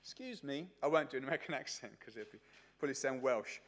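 Fields: Man, chatty preacher, middle pitch. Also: very fast, fairly bright tone. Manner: chatty, anecdotal, with many fillers. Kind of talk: sermon. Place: church service.

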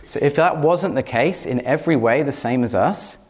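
A man's voice: mid-range voice, normal speed, a little mellow. A man preaching and telling a personal story in an earnest way, doubling words for stress and breaking into laughter. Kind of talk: teaching talk with personal story.

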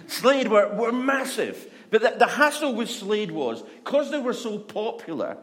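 A man preaching a conversational sermon, chatty and humorous, who often lowers his voice to a soft, hushed delivery. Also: big pitch swings, a little slow.

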